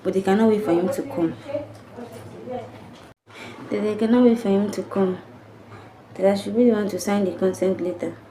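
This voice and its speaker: A woman's voice: mid-range voice, fairly even intonation, normal speed, long pauses, a crowd in the background, poor audio. A young adult woman vlogger earnestly retelling a painful personal story to camera, with emotional repetition. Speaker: family vlogger.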